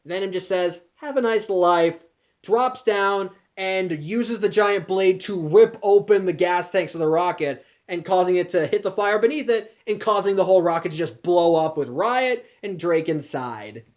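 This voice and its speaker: A man's voice: sits high, moderate pace, hardly any pauses. A man casually recapping a film plot, talking in a loose, chatty way with many restarts and asides. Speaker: podcast host.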